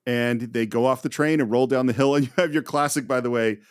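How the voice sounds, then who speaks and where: A man's voice: medium pitch, fairly quick, smooth, no room sound. Man in dry casual film chat. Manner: animated, profane retelling with laughs. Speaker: podcast co-host.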